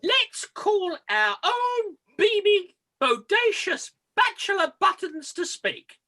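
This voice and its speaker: A woman's voice: very high voice, big pitch swings, slow pace, bright, forceful tone, heavily acted. A woman playing a stern official in an amateur pantomime, calling the others to order. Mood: announcing.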